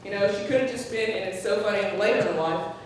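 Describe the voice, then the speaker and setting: A woman's voice: mid-range voice, fast talker. A woman shares personal stories with a gathered audience, acting out the voices she quotes and laughing often. Her voice is caught from far off in a big hall with heavy echo. A faint hum sits underneath. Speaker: speaker at a memorial tribute. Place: large hall at a community gathering.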